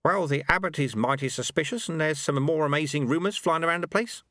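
A man's voice: a little high, brisk, a bit bright, no room sound, studio quality, pitched above the performer's own voice, lightly acted. A man voicing a wily old male monastery sweeper who talks in a chirpy, folksy, teasing way.

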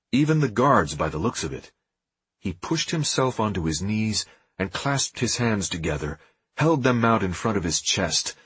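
A man reading an audiobook in a dramatic, expressive scripted narration. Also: fairly low pitch, breathy edge, dry recording.

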